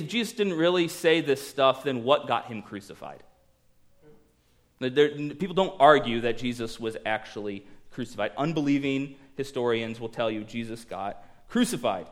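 A man preaching a sermon, animated, dropping to hushed tones for emphasis and acting out quoted voices. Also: mid-range voice. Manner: animated, swings between loud emphasis and hushed lines. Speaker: pastor.

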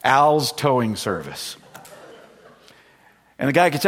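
Long pauses break up the expressive, mid-range delivery of a middle-aged pastor speaking at normal speed. During his sermon he relates a personal story conversationally, dramatizing the voices he quotes, and a large room gives it long reverb.

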